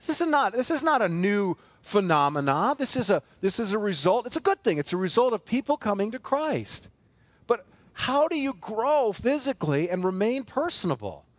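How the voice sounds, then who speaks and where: Lively high-voiced preaching man. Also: moderate pace, dry recording. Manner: emphatic, repetitive preaching with rhetorical questions. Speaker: pastor. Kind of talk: sermon.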